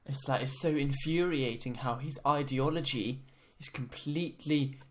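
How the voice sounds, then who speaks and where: A young man co-hosting a podcast, agreeable in casual chat and quick to laugh along. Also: mid-range voice, slight background noise. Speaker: podcast co-host.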